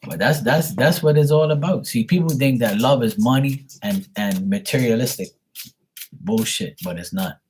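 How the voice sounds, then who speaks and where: A man's voice: mid-range voice, moderate pace, darkish tone, a little hiss or hum. A middle-aged man giving a live tarot reading, talking bluntly and swearing often as he rants. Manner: blunt, profane, ranting. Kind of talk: casual livestream talk.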